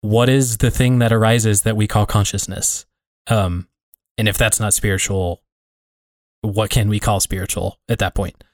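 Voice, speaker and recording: A man's voice: on the low side, fairly even intonation, normal speed, no echo, studio quality. A man co-hosting a podcast, talking in a reflective, rambling way full of fillers. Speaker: podcast co-host. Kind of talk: casual conversation.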